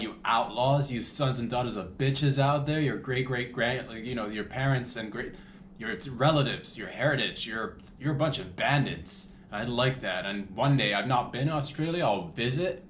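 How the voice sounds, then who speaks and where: A man's voice: medium pitch, a bit bright, reverberant, slight background noise. A man hosting a comedy podcast, rambling loosely with crude jokes and asides. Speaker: podcast host.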